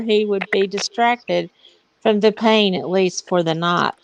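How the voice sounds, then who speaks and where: A woman in casual group chat who vents with emphatic exasperation, her pitch sitting in a middle range. A faint hiss runs under her voice. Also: unhurried, low-quality recording. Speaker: chat participant.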